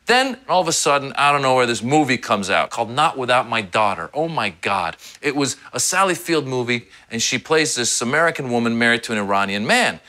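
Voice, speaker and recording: Bright-voiced male comedian. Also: fast. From Iran. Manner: animated storyteller, jumps into high squeaky voices for quoted people. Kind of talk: satirical comedy monologue.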